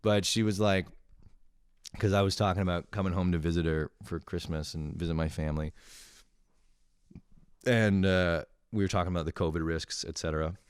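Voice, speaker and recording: Deep-voiced profane storytelling comedian. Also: male voice, moderate pace, pauses often, smooth, no room sound, clean studio sound. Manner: profane, animated, rambling. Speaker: comedian host.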